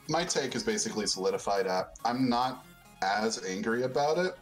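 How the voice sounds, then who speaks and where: A man's voice: mid-range voice, low-quality recording. A man co-hosting a casual gaming chat, laid-back and joking, swearing casually.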